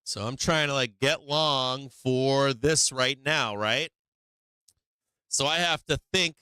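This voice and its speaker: Host: man, bright, crisp voice, profane and animated, live trading commentary, dry close mic. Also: mid-range voice, takes it slowly, no room sound. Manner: profane, animated, laughs often, acts out the market. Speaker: livestream trading show host.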